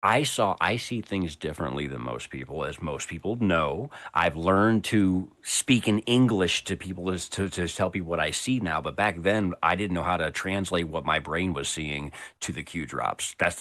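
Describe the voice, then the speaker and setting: A man joins a casual livestream as a guest, talking in an animated way with casual swearing. His voice sits very low. The sound is dry and close, with no room echo.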